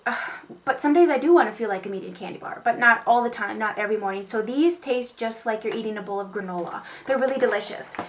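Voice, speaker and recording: Chatty female vlogger, slightly high voice, faint background noise, rambling home haul talk. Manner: chatty, rambling, with fillers and small laughs. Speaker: beauty vlogger. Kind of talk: casual haul video chat.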